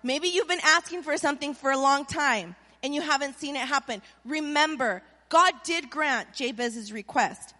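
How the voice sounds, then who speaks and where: High-voiced woman preaching in a reverberant hall. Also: moderate pace, hardly any pauses. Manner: animated preaching with call-and-response. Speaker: pastor. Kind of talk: sermon. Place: church. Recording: long reverb of a church hall.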